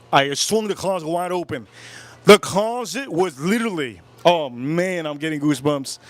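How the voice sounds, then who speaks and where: Man telling a spooky story, animated. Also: on the high side, no room sound. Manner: animated, repetitive, keeps breaking off about goosebumps. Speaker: whiskey channel host. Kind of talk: casual livestream storytelling. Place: home, live stream.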